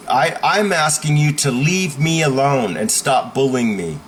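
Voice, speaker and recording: A man's voice: medium pitch, animated, a little slow, few pauses, a bit bright, slight background noise, poor audio. A man teaching how to stand up to bullies, speaking emphatically and checking in with the listener with a frequent "okay?". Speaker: self-help teacher. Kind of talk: instructional talk.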